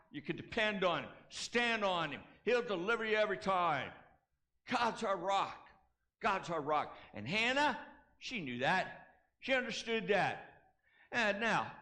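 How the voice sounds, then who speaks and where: A man's voice: sits high, pushed and bright. A male pastor preaching a sermon, leading the congregation in call-and-response and repeating key phrases for emphasis, with casual asides. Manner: casual asides and self-corrections.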